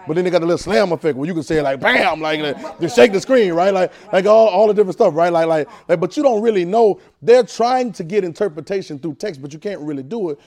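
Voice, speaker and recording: Animated preacher man, quizzing his class. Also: high-pitched, quick pace, hardly any pauses. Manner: call-and-response, repeats phrases, asks the room questions. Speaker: preacher teaching a Bible class. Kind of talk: interactive Bible teaching.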